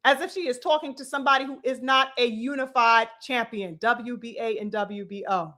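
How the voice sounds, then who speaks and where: A woman's voice: fairly high pitch, steady tone, normal speed, sharp tone. A woman hosting a boxing commentary vlog, ranting in a preachy, mocking way, full of blunt, profane rhetorical questions and calls to her brothers and sisters. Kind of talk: opinionated commentary rant.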